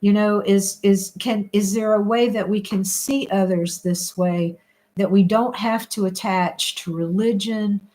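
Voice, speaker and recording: Unhurried and steady, with a mid-range, darkish tone, this woman muses aloud while hosting a livestream and reading viewer comments. Her reflective chatter rambles, with frequent restarts and laughter between thoughts.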